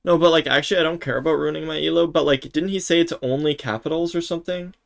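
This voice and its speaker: A man's voice: on the high side, fairly even intonation, quick pace, creaky. A man streaming a game live, reacting in panicky bursts, swearing and exclaiming as he plays.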